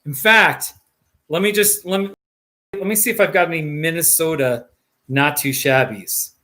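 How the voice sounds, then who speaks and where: A man's voice: fairly high pitch, moderate pace, bright, forceful tone. A man hosting a live stream in casual chat, rambling and jokey, laughing often and restarting his sentences.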